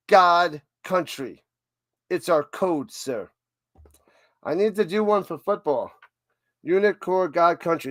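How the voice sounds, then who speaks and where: A man with a fairly high voice rambles through casual football chat on a live stream, often stopping and restarting his sentences. The sound is dry and close, with no room around it. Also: vocal fry, dry recording. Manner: rambling, self-interrupting, chatty. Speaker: livestream host.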